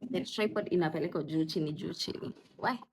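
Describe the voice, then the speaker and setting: A woman's voice: sits low, fast, background noise. A young woman, chatting casually in a vlog as a mother, mixing English with Swahili and cooing at her toddlers. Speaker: parenting vlogger and mother.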